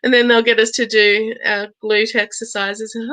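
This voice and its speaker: A woman in her thirties hosting a live oracle card reading, chatty and bubbly, laughing often and slowing into a gentle coaching tone. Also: fairly high pitch, little pitch movement, low-quality recording. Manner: slows into gentle, coaching tone for affirmations. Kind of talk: live-stream chat with viewers.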